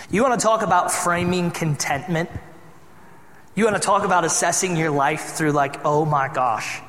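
A young male pastor from Michigan preaches in a loose, chatty storytelling way, teasing his listeners as he goes. His voice sits fairly high for a man. It rings through a large church hall with a long, roomy echo. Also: big pitch swings, normal speed, a bit bright. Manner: conversational storytelling, teasing the congregation. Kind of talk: sermon. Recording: echoey hall sound.

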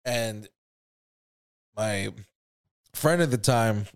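Smooth-voiced man telling rambling stories. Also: lowish voice, very slow. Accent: American. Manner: profane, rambling, acts out other people's voices. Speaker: podcast co-host. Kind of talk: casual storytelling chat.

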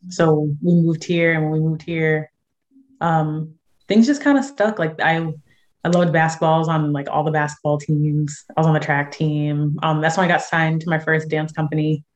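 A chatty young woman from San Diego talks through her music in a relaxed interview. Her speaking voice sits low, and she leans on fillers and quick laughs as she goes. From San Diego, USA. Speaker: guest musician and actress. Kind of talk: casual interview chat.

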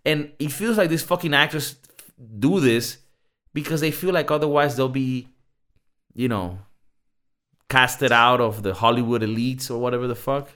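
Animated man ranting on a podcast. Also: mid-range voice, normal speed, pauses often. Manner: animated storyteller, mimics people, swears freely. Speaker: podcast co-host. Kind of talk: casual podcast banter.

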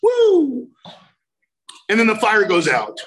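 High-voiced emphatic man telling his story. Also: moderate pace, low-quality recording. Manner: emphatic, storytelling, swings to loud outbursts. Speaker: recovery speaker. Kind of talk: personal recovery talk.

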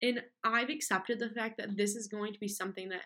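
A young woman holding a casual solo chat in a voice of middling pitch. She rambles, breaks off mid-sentence and restarts, and keeps the tone candid and conversational. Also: steady tone, brisk, bright, forceful tone. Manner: candid, rambling, with frequent fillers and self-interruptions; mocks complainers with whiny put-on voices. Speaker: podcast host.

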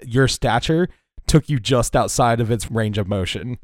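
A man's voice: mid-range voice, normal speed, no echo. Male game master, easygoing narration, loose and chatty, dry close sound. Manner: relaxed storytelling with filler words.

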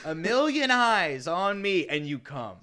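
A young man co-hosting a crude, casual podcast chat, laughing often and acting out quotes in loud bursts. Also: sits high, sing-song, measured pace. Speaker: podcast co-host.

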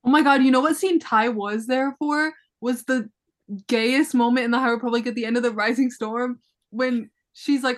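A young woman chatting casually and dramatically with friends, gushing with quick asides. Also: a little high, steady tone. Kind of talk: casual fan chat.

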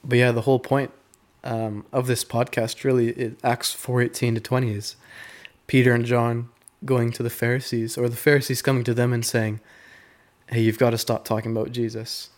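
A man's voice: medium pitch, flat delivery, moderate pace. A man with a sick voice, hosting a casual podcast interview in a friendly, loose manner with hesitant fillers. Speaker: podcast host.

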